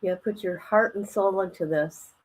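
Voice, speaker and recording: A woman's voice: mid-range voice, moderate pace, a little mellow, poor audio. A woman hosting a casual livestream, chatting colloquially, reading viewer comments aloud and laughing often. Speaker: livestream host.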